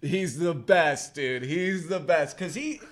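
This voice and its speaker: A man's voice: on the high side, slow pace. A man hosting a radio show, casually and profanely retelling a story and acting out the people in it. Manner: animated, profane, storytelling with acted-out quotes. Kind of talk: casual comedic chat.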